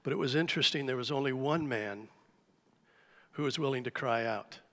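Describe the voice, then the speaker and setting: A man preaching a sermon to a church congregation, telling a story with lively, animated delivery. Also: medium pitch, normal speed. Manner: animated storytelling, acts out shouted cries. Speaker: pastor. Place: church sanctuary. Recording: live church hall reverb.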